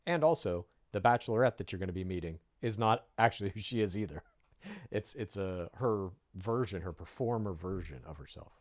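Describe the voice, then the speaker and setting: A man's voice: low-pitched, animated, a little fast, no echo. Sardonic man doing podcast commentary. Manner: sardonic, analytical. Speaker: podcast co-host. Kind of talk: reaction commentary.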